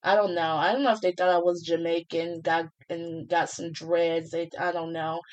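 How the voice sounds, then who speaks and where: A young woman hosting a podcast from her small apartment, talking casually with many pauses, fillers and restarts. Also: fairly low pitch, flat delivery, lo-fi sound. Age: young adult. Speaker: podcast host.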